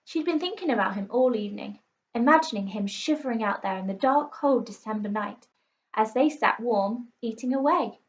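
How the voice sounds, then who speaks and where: A woman teacher reading a children's book aloud to pupils, expressive and playful. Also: fairly high pitch, moderate pace. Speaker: primary school teacher. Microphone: recorded for an online class video. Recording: slightly muffled lo-fi recording.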